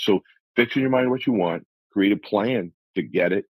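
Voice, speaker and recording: A man's voice: low voice, animated, moderate pace, a little mellow, breathy edge, dry recording, rough recording. A man on a radio talk show, coaching listeners through numbered self-help steps in an earnest, motivational way. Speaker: life coach guest.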